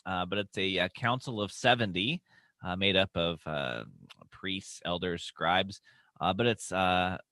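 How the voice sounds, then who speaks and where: A man's voice: low voice, unhurried, sharp tone, no room sound, studio quality. A man co-hosting a casual theology chat over a video call, laughing easily and explaining with many fillers. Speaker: co-host and pastor.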